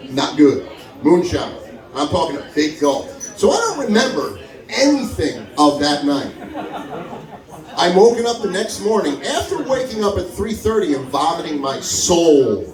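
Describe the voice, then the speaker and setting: A man telling a stand-up story at a comedy club open mic, acting out the people he quotes with big jumps in his voice. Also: a little slow. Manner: animated, acts out quotes with big pitch jumps. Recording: echoey room, mic from far, crowd audible. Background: audience laughing.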